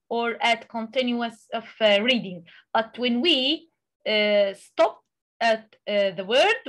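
Woman, Arabic native speaker, recitation tutor, high voice, halting explanations. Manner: explains slowly with many hesitations, recites Arabic examples. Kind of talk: online tajweed lesson.

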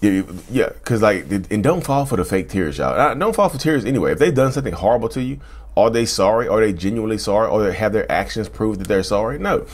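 Speaking fast with a fairly low pitch and animated intonation, this man runs his own YouTube channel. His casual talk to camera is conversational, full of repeated phrases and frequent "y'all"s.

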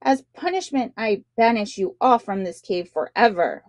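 A woman voicing a raging male king of sharks who shouts in fury in a read-aloud storybook. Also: mid-range voice, animated, moderate pace, close to an everyday voice. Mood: furious. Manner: loud, furious shouting.

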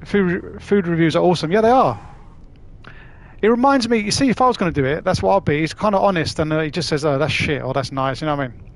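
A man's voice: high voice, fast. A man chatting casually on a live stream while playing, laughing often and swearing freely.

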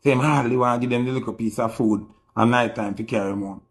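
A man with a Jamaican accent speaking on a live stream in a threatening, slow and emphatic way. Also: mid-range voice, fairly even intonation.

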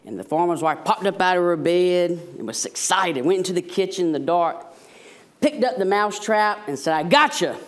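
Man, associate pastor, sermon, animated, pitch moves a lot. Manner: storytelling, animated, self-deprecating jokes.

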